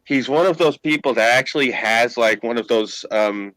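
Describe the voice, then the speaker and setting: Brief: New York man, bright forceful voice, dry close sound, swearing storyteller. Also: mid-range voice, normal speed, dry recording, rough recording. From Queens, New York. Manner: profane, animated storyteller. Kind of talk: casual chat.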